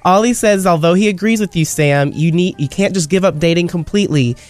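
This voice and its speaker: A man who produces a radio show, reading listener messages on air in a relaxed way. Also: sits high, a little fast, soft background music. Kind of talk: casual radio chat, reading listener mail.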